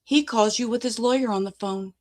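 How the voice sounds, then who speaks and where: A woman's voice: a little high, a little fast. A woman commentator speaking reflectively and asking listeners rhetorical questions.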